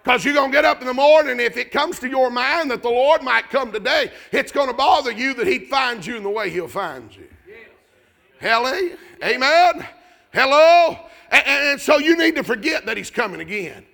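A man preaching a fervent revival sermon, shouting in a rising cadence. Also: very high voice, lively intonation, moderate pace, vocal fry.

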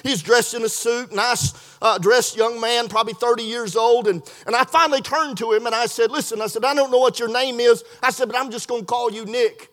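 High-voiced folksy preacher man. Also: fairly even intonation, a little fast, hardly any pauses, a bit bright. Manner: folksy storytelling with repetitions and southern-style grammar. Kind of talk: sermon.

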